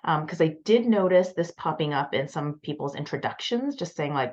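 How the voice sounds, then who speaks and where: A woman's voice: deep voice, animated, moderate pace, hardly any pauses, a little mellow, dull audio. A woman coaching her students in a casual bootcamp talk, chatty and encouraging, with lots of "like" and "um". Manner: chatty, frequent fillers like "like" and "um", encouraging.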